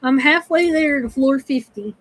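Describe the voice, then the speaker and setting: A woman's voice: sits high, unhurried, no echo, poor audio. A woman streaming a video game, talking to her chat in a frustrated, swearing manner. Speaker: gaming streamer. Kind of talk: casual gameplay commentary.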